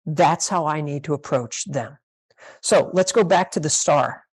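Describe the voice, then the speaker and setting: A woman pastor with a fairly low voice leads a master class for church leaders. She speaks emphatically, drives points home by repeating key phrases, and now and then acts out how a conversation should sound. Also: a little slow, breathy edge. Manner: emphatic, repeats key phrases, role-plays sample talks.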